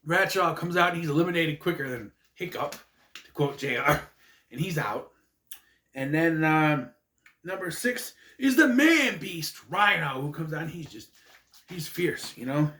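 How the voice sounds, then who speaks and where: A man's voice: on the high side, moderate pace, fairly bright tone. A man rambling through a casual, jokey recap monologue with asides. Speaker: wrestling recap vlogger. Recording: echoey room.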